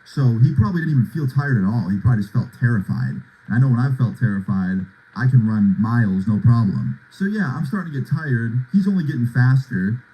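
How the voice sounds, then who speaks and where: In a brisk, animated way, a young man loosely retells a long personal story packed with "like" and "right?" His mid-range voice is dark and husky, and the recording is rough.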